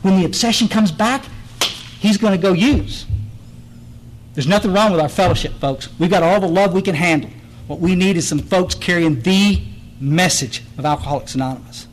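Man, middle-aged, recovery speaker; raised-pitch voice, emphatic testimony with restarts. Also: normal speed, a little hiss or hum, rough recording. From Texas Hill Country. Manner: earnest, blunt, emphatic, restarts and repeats words. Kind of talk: personal testimony talk.

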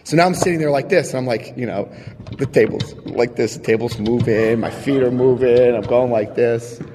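A man sharing his recovery story with a live audience, telling it in an animated, chatty way, acting out scenes and checking in with his listeners. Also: medium pitch, normal speed, in a large hall, noisy background. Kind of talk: personal testimony to a live audience.

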